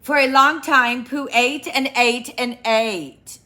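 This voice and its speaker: A woman reading a children's picture book aloud, with teacherly questions to young listeners. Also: a little high. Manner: slow, expressive, teacherly asides.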